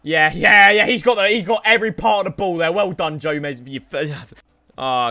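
A young man giving excitable commentary over his own football video game matches, shouting at players and swearing. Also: high voice, moderate pace, slight background noise. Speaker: gaming YouTuber. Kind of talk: gameplay commentary.

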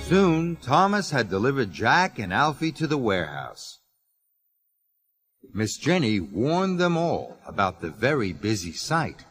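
A man narrating a children's story in an expressive, lively reading voice. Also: medium pitch, measured pace, husky. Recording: music under the voice.

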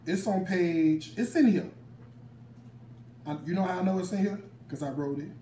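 A man's voice: high voice, moderate pace, mellow, distant mic, slight background noise. A man hosting a casual cooking demonstration, chatting to viewers with lots of exclamations as he shows off his cookbook recipes. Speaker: cooking show host and cookbook author. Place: kitchen. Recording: echoey room.

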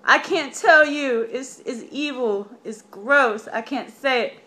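A student voicing a distraught young woman from a myth retelling, in a high squealing put-on voice. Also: slow pace, bright, forceful tone, heavily acted. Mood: upset.

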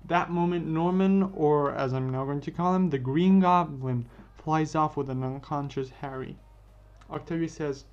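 A man's voice: on the high side, measured pace, a little mellow. Man narrating a fan story casually. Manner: unscripted, self-correcting. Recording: dull lo-fi with faint music.

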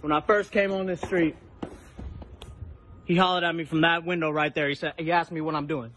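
A man's voice: fairly high pitch, steady tone, brisk, a bit bright, a little hiss or hum, rough recording. A man angrily confronting a neighbor on a residential street, swearing and demanding his name while filming on a phone. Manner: angry, profane, confrontational. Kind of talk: heated street argument. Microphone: phone held while filming.

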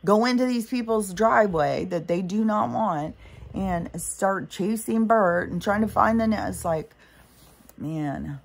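A woman's voice: mid-range voice, expressive, measured pace, creaky, slight background noise. A woman vlogger in a casual spiritual monologue, rambling and swearing often.

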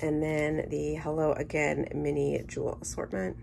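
A woman chatting casually through an unboxing, gushing with enthusiasm and dropping into soft murmured asides. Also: deep voice, monotone, moderate pace, gravelly, slight background noise. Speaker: scrapbooking vlogger.

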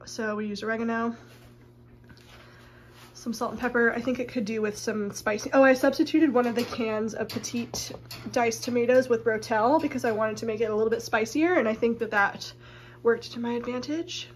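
A woman's voice: on the high side, moderate pace, slight background noise. Stuffy-nosed woman chatting casually. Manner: chatty, relaxed, with frequent "like" and "um". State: nasal, stuffy from a cold. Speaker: vlogger. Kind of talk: casual chat.

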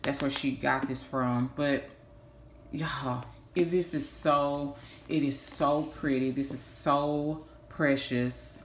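A woman, chatting warmly in a casual vlog, gushing and repeating herself, saying y'all a lot. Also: a bass voice, little pitch movement, slow. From Texas. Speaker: vlogger. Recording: echoey room with faint hiss.

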